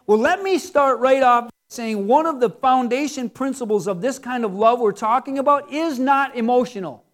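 A middle-aged man delivers a sermon with an unusually high voice. He talks in a loose, conversational way, cracking jokes and asking the congregation one rhetorical question after another. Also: normal speed. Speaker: pastor.

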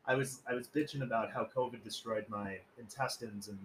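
A man hosts a casual podcast, telling rambling, profane, joking stories and acting out quoted voices. His mid-range voice is brisk, fairly bright and fairly even in intonation. The recording is rough, with a bit of hiss or hum.

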